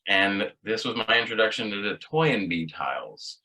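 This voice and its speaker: A man telling a story in a casual band chat, hesitant, clearing his throat between thoughts. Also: lowish voice, animated, normal speed, bright, forceful tone, low-quality recording. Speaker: band member.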